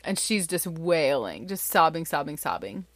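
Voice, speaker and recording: A woman in her thirties, a mother, telling a family story in an animated, chatty way with lots of fillers. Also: low voice, moderate pace, no echo. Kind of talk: casual storytelling.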